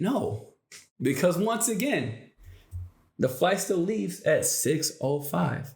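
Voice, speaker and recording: A man's voice: a little high, big pitch swings, takes it slowly, reverberant. Man giving a rambling motivational talk. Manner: rambling storyteller who acts out quoted lines. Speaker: motivational channel host.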